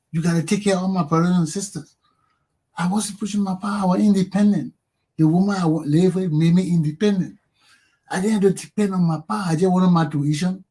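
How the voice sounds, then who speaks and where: A man with a Liberian English accent hosting a talk show, telling profane personal stories with animated, laughing delivery. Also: high-pitched. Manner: animated, profane, laughs often, acts out quotes loudly. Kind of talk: casual storytelling monologue.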